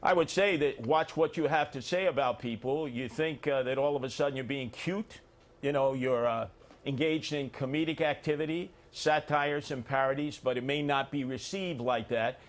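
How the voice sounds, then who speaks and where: A man's voice: medium pitch, normal speed. A middle-aged man answering as a candidate in a televised debate, blunt and plain-spoken, turning combative at his rival.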